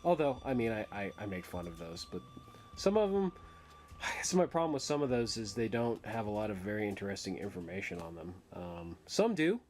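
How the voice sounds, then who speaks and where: A man's voice: on the low side, very animated, brisk, darkish tone. A man hosting his own record collection vlog, rambling in casual, crude, joking chat that trails off into mumbles.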